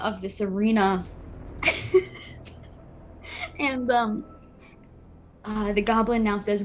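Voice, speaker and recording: A woman narrating a tabletop game as game master, chatty, with many "like"s and "um"s. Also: mid-range voice. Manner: chatty, full of "like" and "um".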